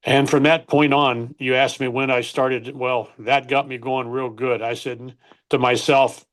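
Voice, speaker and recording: A man's voice: mid-range voice, flat delivery, measured pace, a bit bright. An older man, a former baseball coach, earnestly telling an emotional personal story in an interview, often stopping to correct himself.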